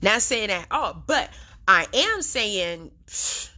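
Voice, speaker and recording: A woman's voice: medium pitch, wildly swooping pitch, a little slow, sharp tone, slightly rough. A young adult woman hosting a podcast, giving a blunt, profane, slang-heavy commentary monologue. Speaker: podcast host.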